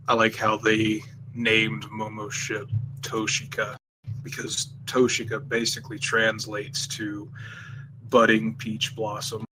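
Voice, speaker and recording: A man with a lowish voice speaks in a very flat monotone as he explains a point on a podcast panel. His delivery is steady. Clear background noise sits under his voice. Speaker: manga translator on a podcast panel. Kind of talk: casual podcast discussion. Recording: noisy background.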